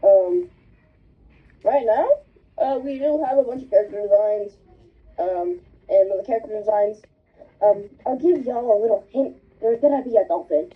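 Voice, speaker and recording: A woman's voice: mid-range voice, normal speed, pauses often, slightly rough. A woman hosting a casual chat, bubbly and rambling. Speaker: host. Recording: tinny phone-like line.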